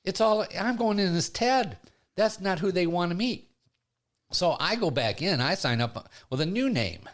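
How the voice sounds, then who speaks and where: A middle-aged man hosting a studio chat, telling a comic story in a gregarious, animated way. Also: moderate pace. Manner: animated, gregarious storyteller, big pitch swings. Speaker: podcast host and comedian.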